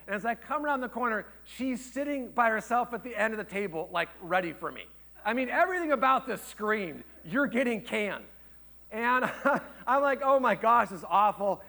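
A man in his thirties preaches like an animated storyteller, tossing rhetorical questions to his listeners. His voice sits high and bright, and he falls to a soft hush when a point lands. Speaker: pastor. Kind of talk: sermon with personal story.

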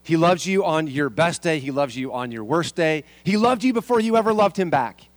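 A man's voice: a little high, animated, moderate pace, no echo. A man preaching a sermon as a pastor, asking the congregation rhetorical questions and repeating his key lines.

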